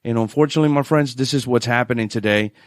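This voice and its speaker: On a radio show, a financial adviser with a New Orleans accent tells stories animatedly and laughs often in interview chat. His medium-pitched voice moves at a quick pace, recorded in studio quality with no room sound.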